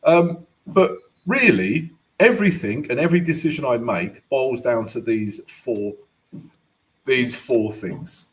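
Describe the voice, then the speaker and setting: A man's voice: medium pitch, expressive, slow. A man hosting a live-stream trading lesson and Q&A, chatty and loose, ending points with "right?". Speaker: forex trading educator and host. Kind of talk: live-stream market analysis and Q&A.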